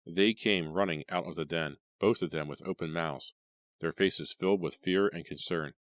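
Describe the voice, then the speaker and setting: A man narrating a horror audiobook in a steady, dramatic storytelling manner. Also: low voice, moderate pace, dry recording, studio quality. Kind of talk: scripted narration of a horror novel.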